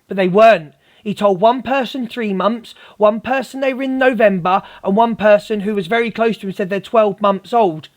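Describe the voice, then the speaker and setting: A high-pitched man hosting a livestream rants heatedly at a female viewer at a moderate pace, confronting her and repeatedly calling her darling.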